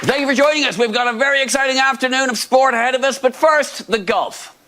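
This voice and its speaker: A man on a comedy panel doing deadpan mock sports commentary. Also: very high-pitched, fast talker, over a noisy crowd. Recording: noisy studio with loud audience.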